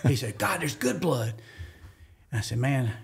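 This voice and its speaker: A man from Georgia with a Southern accent, a podcast guest telling a hunting story in an animated way and acting out the quotes with sudden jumps in pitch. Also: normal speed, gravelly, a little hiss or hum. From Georgia, USA. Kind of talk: animated storytelling in casual conversation.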